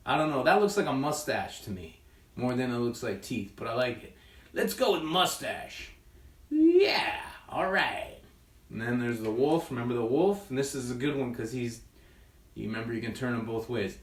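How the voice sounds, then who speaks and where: A man's voice: medium pitch, expressive, normal speed. A man teaching a children's puppetry workshop in a friendly, chatty, playful way, often checking in with "right?". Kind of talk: children's craft tutorial. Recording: echoey room, distant mic.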